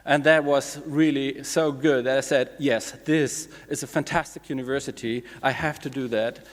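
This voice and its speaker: A man closing a conference greeting in earnest tones, slowing down for emphasis. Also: medium pitch, fairly even intonation. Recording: echoey hall from a stage mic.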